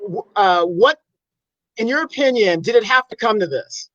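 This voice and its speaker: A man co-hosting a casual interview, asking questions haltingly. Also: sits high, animated, a bit bright, no echo, highs cut off.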